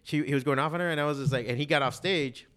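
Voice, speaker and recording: A man's voice: fairly high pitch, very fast, a bit bright. A man in his forties chatting casually, telling rambling, profane stories with lots of fillers. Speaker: stand-up comedian and podcast guest. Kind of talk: casual chat.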